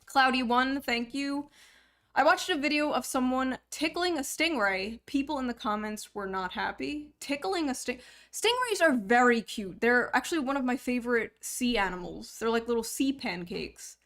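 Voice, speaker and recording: A woman's voice: sits high, lively intonation, normal speed, fairly bright tone. Crude, joking young woman streamer. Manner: crude, joking, swears freely. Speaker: livestream host. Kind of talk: casual chat.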